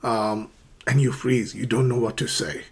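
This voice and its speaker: A man's voice: mid-range voice, fairly even intonation, unhurried, darkish tone, breathy edge. A man teaching English phrases for shopping, explaining step by step and acting out short shop dialogues, with many check-ins like "okay". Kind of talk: English lesson for learners.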